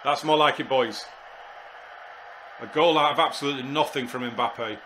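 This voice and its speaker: A man commentating live on his football management game, exasperated and muttering to himself, with sudden shouts when goals go in. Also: mid-range voice, normal speed, slight background noise. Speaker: gaming YouTuber.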